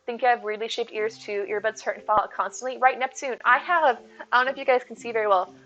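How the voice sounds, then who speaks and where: A woman's voice: on the high side, steady tone, quick pace, fairly bright tone, highs cut off. A woman in her thirties streaming live, chatting in a rambling way, reading her chat aloud and thanking viewers.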